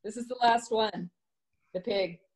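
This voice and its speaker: Woman, sculptor, modest and soft-spoken, higher voice, video call. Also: steady tone, unhurried, poor audio. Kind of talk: casual chat on a video call.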